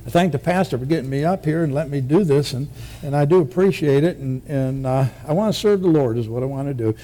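A man preaches his church testimony in a folksy, joking way, rambling from one thought to the next. His voice is mellow and warm. It sits a little higher than most men's. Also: quick pace.

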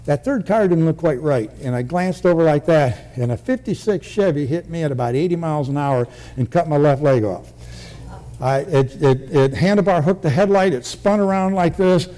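A man's voice: on the high side, normal speed, dark tone. An older man, a military veteran, recounting his past in a rambling, vivid oral-history style with many restarts.

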